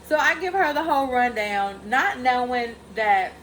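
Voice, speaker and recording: In a low-quality recording with a little hiss or hum, a young Mississippi vlogger tells her followers a candid family story. Her voice sits on the high side, expressive and a bit bright, at a normal speed. She speaks with heartfelt openness, stringing run-on sentences together and sprinkling in "like" constantly.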